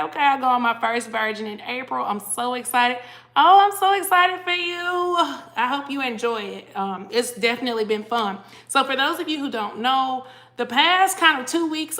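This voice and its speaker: A woman's voice: a little high, bright, forceful tone. A tired woman chatting casually on a livestream, greeting viewers by name and reading their comments aloud. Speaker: cruise vlogger hosting a livestream.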